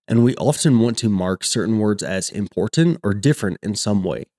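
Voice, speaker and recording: A man explaining a coding topic step by step, reading example sentences aloud in a steady teaching manner. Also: on the low side, moderate pace. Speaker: coding tutor. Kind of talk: screen-recorded coding lesson.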